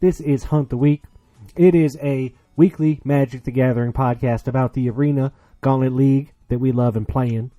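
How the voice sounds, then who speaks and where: A man's voice: mid-range voice, steady tone, moderate pace, mellow, no echo, clean studio sound, natural voice. A man putting on a boastful Southern cowboy drawl as a rowdy rodeo host. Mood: boisterous. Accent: put-on Southern cowboy drawl. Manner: whooping, boastful showman.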